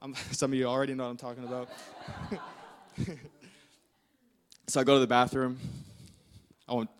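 A man's voice: mid-range voice, completely flat delivery, normal speed. A young male pastor preaching a sermon, telling a story in a casual, rambling way full of fillers.

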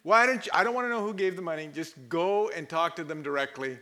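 A man preaching a sermon, telling a story animatedly and acting out the people in it with loud bursts of laughter. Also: on the high side, fast. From Pakistan. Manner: animated, laughing, acts out quoted people loudly. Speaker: pastor.

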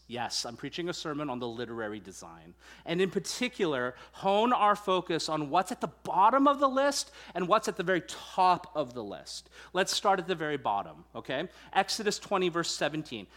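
Lightly high-voiced man preaching a playful sermon. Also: a bit bright. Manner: conversational, playful, asks the congregation questions; reads scripture aloud in a measured way. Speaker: pastor.

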